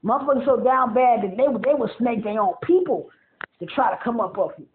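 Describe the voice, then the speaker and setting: A man with a notably high voice vents in a loose, profane monologue. He rambles, circles back and repeats words as he talks. The sound is thin and tinny, like a phone line. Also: expressive, a little fast. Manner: profane, rambling, repeats himself, laughs often. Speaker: vlogger. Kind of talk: casual monologue rant.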